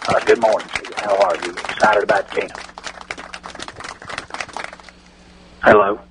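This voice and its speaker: A man's voice: lowish voice, little pitch movement, quick pace, background noise, close to an everyday voice. A man voicing a pompous, folksy older football team owner who talks in a hesitant, self-important way full of filler sounds. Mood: boastful. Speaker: impression on a radio comedy bit.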